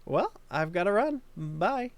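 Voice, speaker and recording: A worried mother fusses and apologizes over her daughter's last school day, as a streamer reads her lines from a game. The voice sits at a middling pitch and stays close to an everyday speaking voice. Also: sing-song, takes it slowly, a little hiss or hum. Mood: fretful. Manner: fretful, apologetic. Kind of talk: reading game dialogue aloud.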